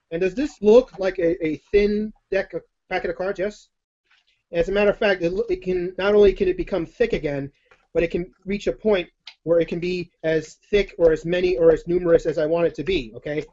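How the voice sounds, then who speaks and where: Jokey excitable man on a lo-fi stream. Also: sits high. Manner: jokey, excitable, rambling with self-deprecating asides. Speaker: card magician giving a live online Q&A. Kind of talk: chatty live-stream demonstration. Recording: dull lo-fi stream audio.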